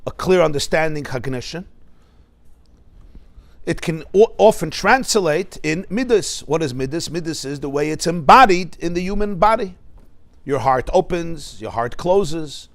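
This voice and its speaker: A man's voice: a little high, expressive, measured pace. A man, a rabbi, teaching a Torah class, explaining terms and asking his listeners questions. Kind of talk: Torah lecture.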